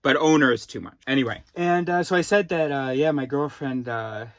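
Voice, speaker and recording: A man's voice: medium pitch, brisk, dry recording. A man thinking aloud in a rambling personal vlog, often restarting his sentences and wandering into asides. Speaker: vlogger.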